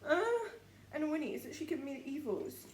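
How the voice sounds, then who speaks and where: A woman's voice: high voice, fast, darkish tone. A young woman chatting in a rambling, giggly way, full of "like" and "literally", while she cooks at home and keeps yawning from tiredness. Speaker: vlogger. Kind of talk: casual chatty vlog while cooking. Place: home kitchen, indoors. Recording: echoey room with faint background noise.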